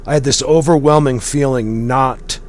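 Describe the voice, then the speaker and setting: A man's voice: medium pitch, steady tone, normal speed. A man giving earnest, matter-of-fact vlog commentary.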